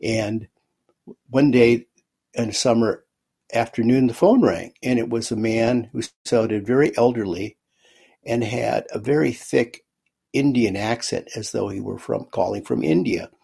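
A man, a guest author in an interview, recounting a personal story in a halting way, often repeating words as he goes. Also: mid-range voice, gravelly, warm tone, slightly rough.

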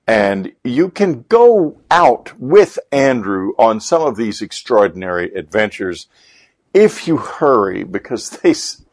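A man's voice: on the low side, a little mellow, dry recording. A man hosting a radio interview show, talking enthusiastically as he wraps up and promotes a book.

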